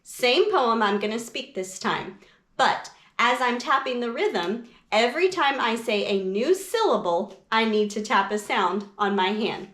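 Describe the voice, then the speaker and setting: A woman music teacher explaining a lesson for parents and teachers in a slow, clear, patient way. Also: on the high side, expressive, fairly bright tone, reverberant.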